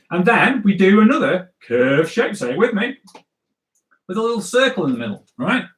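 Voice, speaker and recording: A man, slightly high-voiced and very animated in his pitch, leads a live drawing lesson for kids in a jokey, chatty manner. His voice bounces around an echoey room. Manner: playful, chatty, jokey teacher talk with frequent "right?" and "okay?". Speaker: comics artist teaching drawing.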